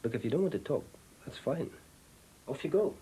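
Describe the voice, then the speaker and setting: A man's voice: mid-range voice, lively intonation, a little fast, dark tone, slight background noise, close to an everyday voice, rough recording. An actor playing a lonely middle-aged husband, rambling and hesitant as he confides. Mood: cutting. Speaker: troubled husband. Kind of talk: soap opera acting.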